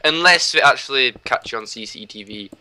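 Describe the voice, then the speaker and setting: A young man, hosting a casual gaming chat and telling stories in an animated, ranting way. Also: medium pitch, brisk, a little hiss or hum. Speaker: host.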